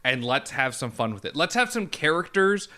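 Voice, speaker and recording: A man with a fairly high, bright, forceful voice, co-hosting a podcast in casual chat. He talks with enthusiasm and emphasis, swearing freely. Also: sing-song, normal speed. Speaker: podcast co-host.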